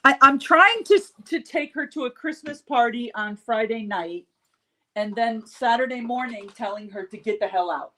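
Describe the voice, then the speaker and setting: A woman's voice: fairly high pitch, lively intonation, moderate pace, bright, forceful tone. Salty storytelling woman, middle-aged. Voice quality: salty, storytelling with mock outrage. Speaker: host. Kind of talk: casual chat.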